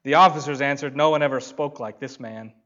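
A man, a pastor, preaching a sermon in an emphatic manner, drawing out key words with long pauses. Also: mid-range voice, sharp tone, lo-fi sound.

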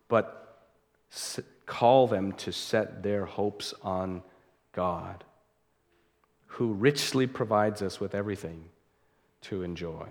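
A man preaching a sermon in an earnest way, slowing down to stress key words as he reads scripture aloud. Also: lowish voice. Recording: long hall reverb.

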